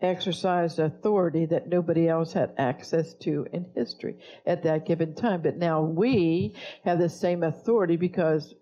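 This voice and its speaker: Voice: mid-range voice, normal speed, warm tone, dull audio. A pastor preaching a sermon, blunt and scolding toward the congregation.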